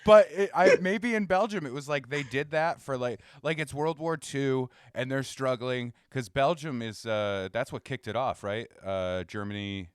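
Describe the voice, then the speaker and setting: A man's voice: mid-range voice, moderate pace, hardly any pauses, clear, resonant tone, no echo, clean studio sound. A male podcast co-host in casual chat, rambling through jokey tangents.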